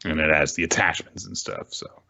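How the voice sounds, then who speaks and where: Deep-voiced young man making wry asides. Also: steady tone, moderate pace, vocal fry, bright, forceful tone. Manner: wry, jokey asides and dry complaints. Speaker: podcast co-host. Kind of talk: casual manga recap chat. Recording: slightly dull lo-fi audio.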